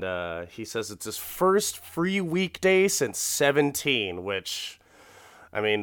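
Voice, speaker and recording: A man's voice: lowish voice, fairly bright tone, clean tone, no room sound, studio quality. A man casually recapping a TV episode, swearing freely and laughing often. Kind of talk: casual profane commentary.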